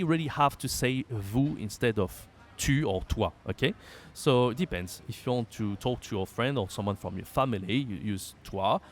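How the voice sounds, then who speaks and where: Man teaching with lively pitch. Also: slight background noise. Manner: explains patiently, reads example lines aloud with lifted emphasis. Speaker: French teacher. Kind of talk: language lesson.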